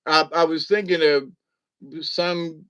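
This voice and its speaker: Easygoing, chuckling male stream host, a little high, fairly high voice. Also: fairly even intonation, slow pace, fairly bright tone, clean tone. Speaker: livestream host. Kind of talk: casual late-night chat with viewers.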